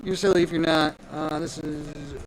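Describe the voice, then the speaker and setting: A man's voice: fairly high pitch, fairly even intonation, normal speed, rough recording. A man hosting a live card-opening stream, hyped and playful, talking straight to his viewers. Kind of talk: excited live stream chatter.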